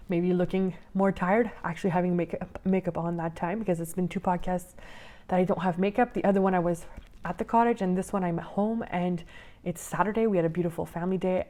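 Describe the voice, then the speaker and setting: A woman's voice: lowish voice, dark tone. A young woman, slightly out of breath, hosting a casual coaching podcast from home in a chatty, rambling way. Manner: chatty, rambling, many fillers and restarts. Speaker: podcast host and life coach.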